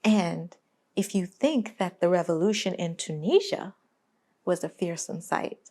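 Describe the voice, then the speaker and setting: A woman's voice: fairly low pitch, expressive, unhurried, warm tone. A woman delivering a video essay in an emphatic, sarcastic way, full of rhetorical questions. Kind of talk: animated video essay commentary.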